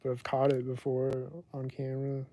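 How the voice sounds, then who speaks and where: A man's voice: mid-range voice, completely flat delivery, moderate pace, warm tone, no room sound. A man hosting his own livestream podcast, talking casually and rambling with lots of "like" fillers. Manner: rambling, heavy use of "like". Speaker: livestream host.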